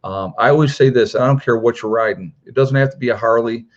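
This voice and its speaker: A man's voice: mid-range voice, quick pace, lo-fi sound. A middle-aged man hosting a prepper channel, telling a story casually and rambling with lots of filler words. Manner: rambling, many "you know" fillers.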